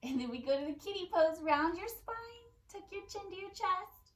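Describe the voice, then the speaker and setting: A young woman teaching a kids yoga class in a gentle, playful, encouraging way. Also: extremely high pitch, animated, normal speed, poor audio. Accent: Californian.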